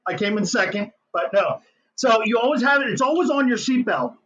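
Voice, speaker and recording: A middle-aged man, an inventor telling his story as an interview guest in an excitable, hyper way. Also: extremely high pitch, a little fast, poor audio.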